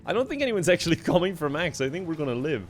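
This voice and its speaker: A man's voice: fairly high pitch, big pitch swings, racing, faint music behind. A young Irish man chatting casually on a live game stream, laughing often and thanking viewers. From Ireland.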